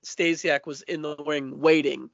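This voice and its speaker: A man co-hosting a casual wrestling podcast, laid-back and quick to laugh. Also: a little high, steady tone, gravelly. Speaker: podcast co-host. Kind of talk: casual wrestling recap chat. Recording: dull lo-fi podcast audio.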